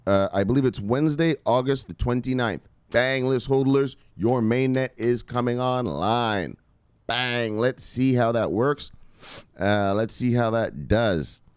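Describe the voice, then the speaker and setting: A man's voice: mid-range voice, unhurried, clean tone, no room sound. Brash man hosting a crypto stream. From United States. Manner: loose, swearing, joking, shouting "bang" at viewers' names. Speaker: crypto video host. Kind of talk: casual live-stream chat.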